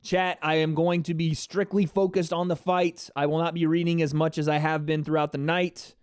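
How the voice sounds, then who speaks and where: A man hosts a live fight reaction stream, chatting excitably with his viewers. His voice is smooth and resonant and sits a little high for a man. The sound is dry and close. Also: normal speed, no echo. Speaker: livestream host.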